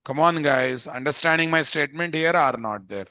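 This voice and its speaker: A man's voice: on the high side, moderate pace, bright, forceful tone, no room sound. A man teaching a live coding lesson. He thinks aloud, repeats phrases, and keeps checking in with "guys?". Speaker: programming instructor. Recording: dull, dry lo-fi mic audio.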